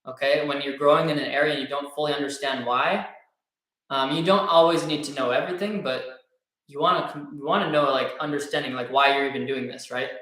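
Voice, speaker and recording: A man's voice: medium pitch, fairly even intonation, a little fast, sharp tone. A man co-hosting a live motivational talk, telling a personal story in a rambling way with many fillers and tag questions. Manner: rambling, lots of fillers and "right?". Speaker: co-host, coach. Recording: very echoey room.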